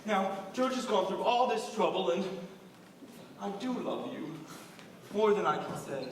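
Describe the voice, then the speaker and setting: A man's voice: sits high, expressive, measured pace, a little hiss or hum. A teenage boy playing a dashing, lovestruck young groom who pleads earnestly in a school stage musical. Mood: pleading. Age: teens. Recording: echoey hall taped from far off, with music.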